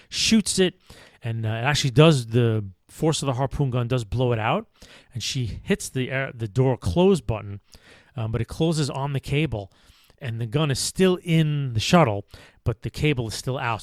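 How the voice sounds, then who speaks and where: A man's voice: mid-range voice, animated, normal speed, no echo. A man hosting a podcast, recapping a film in a loose, rambling way with many fillers and restarts. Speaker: podcast host.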